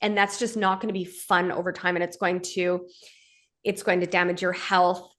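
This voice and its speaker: A woman's voice: fairly low pitch, little pitch movement, moderate pace, a bit bright. Earnest woman podcast host, direct. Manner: earnest, direct, checks in with the listener ("right?"). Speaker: podcast host and men's coach. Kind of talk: conversational podcast teaching.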